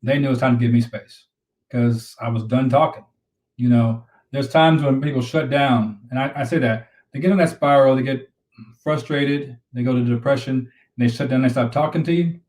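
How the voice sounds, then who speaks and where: A man's voice: medium pitch, moderate pace, darkish tone, roomy sound, far from the mic, poor audio. A man co-hosting a relationship talk show, giving earnest advice on a live stream and repeating points to drive them home. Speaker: relationship coach and co-host.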